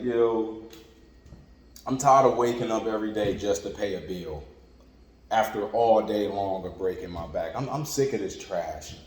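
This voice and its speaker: The speaker is a man with a somewhat low, darkish voice giving a casual, repetitive sermon full of "like" and "you know what I'm saying." It's recorded in an echoey room with long reverb and faint background ambience.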